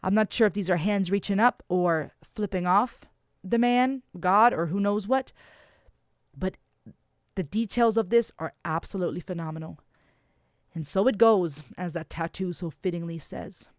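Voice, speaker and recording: A woman's voice: fairly low pitch, moderate pace, dry recording, studio quality. A woman giving casual, effusive reaction commentary as a vlogger, emphatic and full of restarts.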